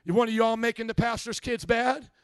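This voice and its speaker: A man with a notably high voice preaches with fervor, throwing rhetorical questions at his congregation and rising to shouts. The sound is close and dry, with little room around it. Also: flat delivery, fairly quick, clean tone, dry recording. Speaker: pastor. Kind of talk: sermon.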